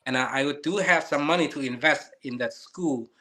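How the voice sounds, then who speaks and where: A man in his fifties from Laos, speaking English as an in an earnest, halting casual chat. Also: on the high side, pushed and bright. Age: 50s. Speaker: co-host. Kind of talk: casual conversation.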